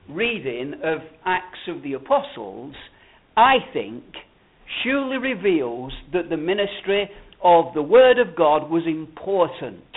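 A man preaching a sermon as pastor, reading scripture and then explaining it, earnest and slowing down to stress key phrases. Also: sits high, breathy edge. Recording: tinny phone-like sound.

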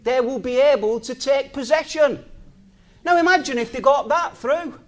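A man's voice: very high-pitched, moderate pace. A man, talking in an informal sermon, chatty, laughing often and asking the listener rhetorical questions. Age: 60s.

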